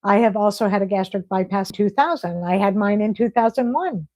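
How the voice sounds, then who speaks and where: A woman's voice: mid-range voice, brisk, a little mellow, no room sound. A woman hosting a casual livestream, chatty and effusive as she reads viewer comments aloud. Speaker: livestream host.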